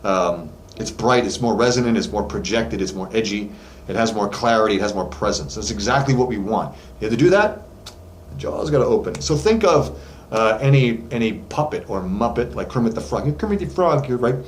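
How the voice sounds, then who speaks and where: A man's voice: fairly low pitch, animated, a little fast. A man giving a casual singing lesson from his voice studio, talking loosely with plenty of fillers. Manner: loose and chatty, many fillers, demonstrates with sung notes. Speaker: vocal coach. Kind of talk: casual vocal lesson to camera. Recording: echoey room, faint background noise.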